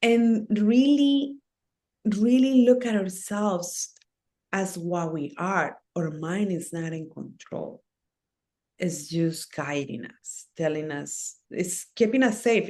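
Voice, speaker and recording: A woman guest in a conversational interview whose voice sits low for a woman. She takes her time and lays out her thoughts slowly and earnestly, in short phrases broken by fillers. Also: darkish tone. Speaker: interview guest, ceremony facilitator.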